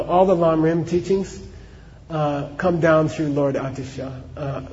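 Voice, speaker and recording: A man gives a dharma talk, telling a story casually and checking in with his listeners. His voice is a bit high, and the recording is dull and muffled with long hall reverb. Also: a little mellow. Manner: casual, many asides like "you know" and "okay". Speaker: Buddhist teacher.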